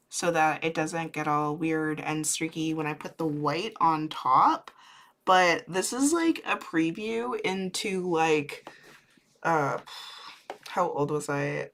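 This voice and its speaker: A woman's voice: lowish voice, pushed and bright. A woman in her thirties chatting casually and rambling while doing makeup on a livestream. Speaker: clown makeup streamer.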